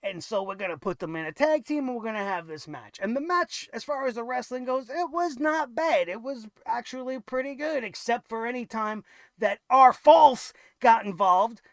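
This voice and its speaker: Gravelly, sarcastic wrestling show ranter. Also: mid-range voice, lively intonation, normal speed, dry recording, studio quality. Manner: sarcastic, profane, bursts into shouting. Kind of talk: ranting show review.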